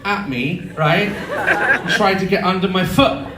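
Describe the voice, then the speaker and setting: A man in his thirties telling sweary, animated comic stories to a live audience in a theatre. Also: high voice, takes it slowly. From United Kingdom. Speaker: YouTuber on stage. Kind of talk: live comedy storytelling. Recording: echoey hall with crowd noise.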